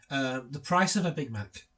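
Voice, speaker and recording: A man's voice: mid-range voice, fairly bright tone, breathy edge. A man co-hosting a casual film commentary, trading sarcastic jokes and laughing often. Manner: sarcastic, joking riffs with frequent laughter. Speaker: co-host.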